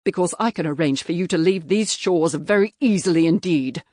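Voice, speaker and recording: A woman voicing a stern male major and magistrate who talks in clipped, threatening, quietly forceful lines. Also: deep voice, unhurried, gravelly, no echo, clean studio sound, heavily acted.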